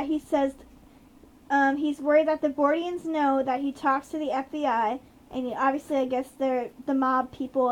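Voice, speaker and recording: A woman with a slight Southern accent, rambling chattily with fillers while recapping a TV episode as a podcast co-host. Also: high-pitched. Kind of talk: casual chat recapping a TV episode.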